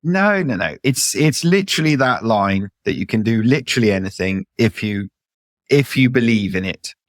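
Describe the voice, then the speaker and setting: Earnest male co-host, lowish voice, dry close sound. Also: expressive, moderate pace, dry recording. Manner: earnest, insistent, repeats "no". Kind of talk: comedic banter.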